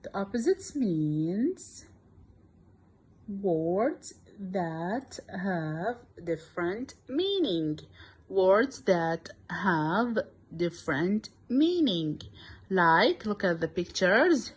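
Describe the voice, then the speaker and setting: A woman whose first language is Arabic, teaching English to young children, speaking deliberately and repeating words for beginners. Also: medium pitch, big pitch swings, husky.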